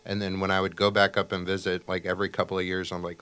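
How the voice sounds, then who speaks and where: A man in his forties from Chicago, a podcast guest in a studio, chatting in a relaxed, easygoing way. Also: low-pitched, quick pace, smooth. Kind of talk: casual chat.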